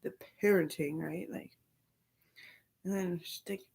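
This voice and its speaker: A woman's voice: lowish voice, fairly even intonation, a little slow, creaky, a little mellow, breathy edge. A young woman and mother chatting casually and profanely, rambling through stories and quoting other people's voices. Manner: profane, storytelling with quoted voices.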